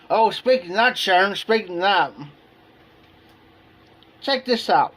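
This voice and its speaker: An American man chats on his live stream, spinning a long anecdote and voicing both sides of the exchange. His voice sits high and his delivery is slow and drawn out, full of repeats and asides. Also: a bit bright. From United States. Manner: rambling anecdotes, repeats himself, acts out dialogue. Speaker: livestream host. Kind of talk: casual storytelling chat. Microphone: streaming setup, live video.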